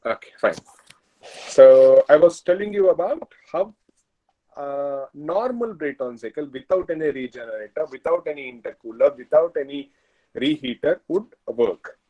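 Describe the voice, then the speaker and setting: A man's voice: on the high side, lively intonation, moderate pace, muffled recording. A man with a Kannada Indian accent teaching engineering in an online class, explaining step by step and checking if students follow. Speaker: engineering lecturer.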